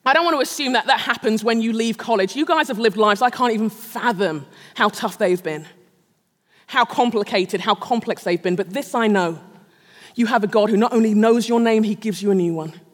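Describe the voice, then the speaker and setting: A middle-aged woman's voice, on the high side and fairly quick, carries through the long reverb of a large hall. She is speaking at a Christian gathering, preaching a sermon in which she tells a personal story with self-mocking humor and frequent laughs.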